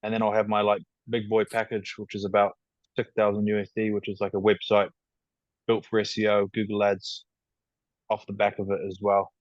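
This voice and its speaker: A man with a New Zealand accent, a guest in a casual podcast interview, speaking in a measured, matter-of-fact way over a video call. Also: fairly low pitch, completely flat delivery, no echo. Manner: measured, matter-of-fact, calls himself rational. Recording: dull, dry video-call audio.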